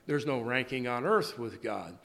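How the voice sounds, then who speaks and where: A man giving a sermon in a halting way, often repeating and restarting his words. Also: mid-range voice, lively intonation, creaky, a bit bright. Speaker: preacher. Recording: long hall reverb.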